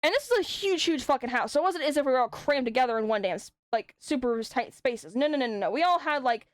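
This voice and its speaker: High-voiced, foul-mouthed young woman streamer. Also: no echo, studio quality. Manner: swears often, rambling storytelling. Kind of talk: casual chat.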